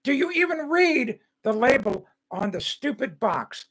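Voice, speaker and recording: High-voiced older man ranting. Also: very animated, a little slow, fairly bright tone, husky, poor audio. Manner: angry, ranting, repeats phrases, addresses viewers by name. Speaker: host of a home-building show. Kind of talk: livestream rant and reading chat comments.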